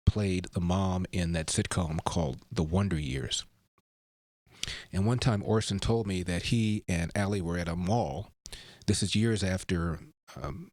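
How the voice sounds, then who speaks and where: Deep voiced talk host dude, dry mic, telling old stories. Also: male voice, darkish tone, dry recording. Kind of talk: talk show monologue.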